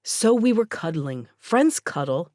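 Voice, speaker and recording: A woman's voice: lowish voice, big pitch swings, unhurried, darkish tone, no room sound, studio quality. Woman voicing a teasing teenage boy. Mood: protesting. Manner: teasing, wisecracking.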